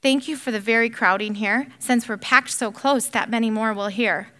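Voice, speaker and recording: A woman reading aloud the lines of a calm, faithful woman prisoner, gently insistent and cheerful. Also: a little high, moderate pace, lightly acted. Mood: serene.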